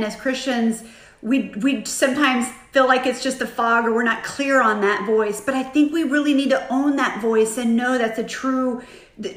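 Brief: woman host, reflective faith talk, halting delivery, higher voice. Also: a bit bright. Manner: reflective, halting, restarts often. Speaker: podcast host. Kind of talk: faith-based conversation. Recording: roomy echo.

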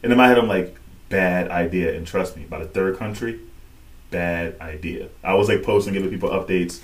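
Podcast co-host, man, low-pitched, lively storyteller who acts out quotes. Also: quick pace. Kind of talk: casual chat.

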